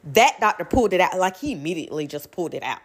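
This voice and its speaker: A young woman, telling a personal story to her viewers in a blunt, animated way, swearing freely. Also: lowish voice, fast talker, slight background noise.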